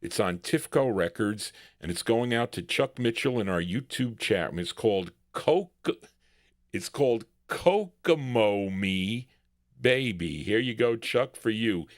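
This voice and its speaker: A male record show host with a lowish voice, rambling through his introductions in a relaxed, chatty way. The sound is dry and close, with no room around it. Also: unhurried, no room sound. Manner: rambling, chatty, chuckles at himself. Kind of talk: casual live DJ patter between records.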